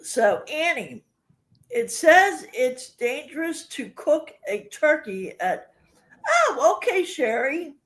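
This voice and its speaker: This is an older woman chatting on a livestream with a high, very animated voice. She talks casually and rambles as she tells personal stories. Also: slow. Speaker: livestream host. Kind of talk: casual chat with viewers.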